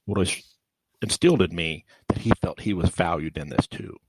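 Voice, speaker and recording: A man's voice: low-pitched, a little fast, slightly rough, dry recording, rough recording. A middle-aged man telling rambling personal anecdotes as a guest in a casual interview.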